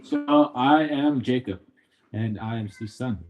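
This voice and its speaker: A man's voice: mid-range voice, takes it slowly, a little mellow, faint music behind. A young man, a son from Canada, giving a eulogy at a memorial gathering, telling stories about his father in a playful, joking and emotional way. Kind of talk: memorial speech with storytelling.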